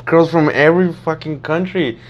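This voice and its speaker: A young man chats casually about his student days, rambling from story to story with plenty of swearing. He gets animated when he acts out his friends' lines. A faint hum sits under the recording. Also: a little high, moderate pace, dull audio. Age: young adult. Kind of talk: casual chat.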